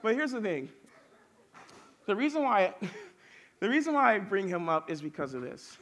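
A man's voice: high voice, very animated, moderate pace, a bit bright. A man preaching casually to young people, telling stories with lots of fillers. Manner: chatty storytelling with many fillers. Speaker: youth pastor.

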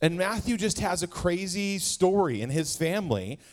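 A man's voice: sits high, normal speed. A man in his forties from Wisconsin, giving a playful sermon as guest speaker and joking straight with the crowd in a church hall. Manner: jokey, animated, talks straight to the crowd.

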